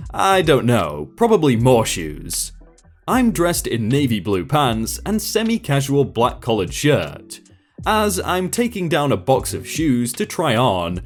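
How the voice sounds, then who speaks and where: A man reads a reddit story aloud in a wry storytelling manner. His pitch moves up and down expressively from line to line. Faint music plays in the background. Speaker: storytime narrator.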